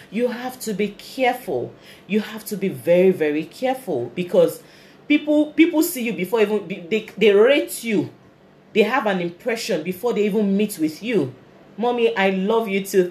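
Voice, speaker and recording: A woman's voice: mid-range voice, lively intonation, moderate pace, dark tone. A Nigerian woman in her thirties who runs a fashion business, giving earnest, motivational talk on a live stream and answering viewer comments. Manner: earnest and motivational, repeats key phrases.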